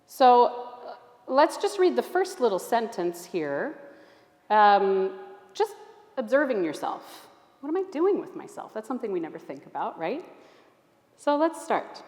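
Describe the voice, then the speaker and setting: A woman leading a workshop group through a gentle exercise, with an encouraging, inviting way of talking. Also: fairly high pitch, big pitch swings, measured pace, long pauses. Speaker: Alexander Technique teacher leading a workshop. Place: church. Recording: echoey church hall.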